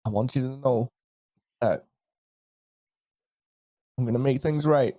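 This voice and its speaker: A man voicing a grieving father who speaks softly to comfort his dying son. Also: mid-range voice, slow, dry recording, studio quality. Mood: consoling. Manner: soft, comforting speech. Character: grieving father, soft and consoling.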